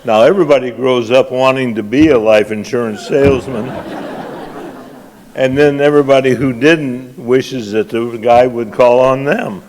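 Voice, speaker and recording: A man's voice: medium pitch, steady tone, normal speed, darkish tone, a little hiss or hum. An older man giving an award acceptance speech, a folksy, self-deprecating storyteller at a podium. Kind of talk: after-dinner speech with folksy jokes. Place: large banquet hall. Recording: long reverb of a banquet hall.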